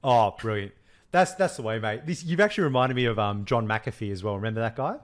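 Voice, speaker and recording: A man's voice: fairly low pitch, fast. A young man co-hosting a podcast, chatting casually and joking with frequent laughter. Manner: laughs often, animated joking storyteller. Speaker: podcast co-host. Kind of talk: casual chat.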